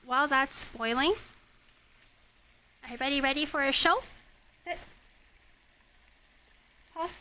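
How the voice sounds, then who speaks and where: A woman's voice: high-pitched, a little slow, pauses often, pushed and bright, slight background noise. A woman streaming herself cooking at home, chatting casually, self-mocking and swearing. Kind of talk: casual cooking livestream chat.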